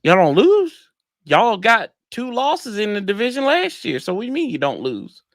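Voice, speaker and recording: A man co-hosting a casual sports debate, teasing his rival fan and letting his voice jump high when he argues. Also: normal speed. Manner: teasing, animated, pitch jumps when arguing. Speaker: sports podcast co-host.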